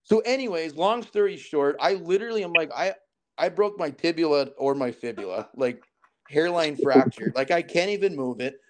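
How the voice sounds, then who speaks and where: A man's voice: fairly high pitch, normal speed. A man in his thirties from southern Alberta, a podcast guest telling a story casually and acting out the dialogue. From southern Alberta, Canada. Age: 30s. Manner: animated, acts out quoted dialogue.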